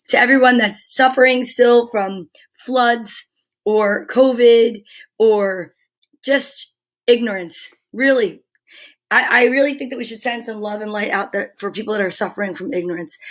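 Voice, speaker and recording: Older woman, live stream host, casual home chat, slightly high voice, fond baby talk to her dog. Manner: chatty, affectionate, baby-talks to her dog.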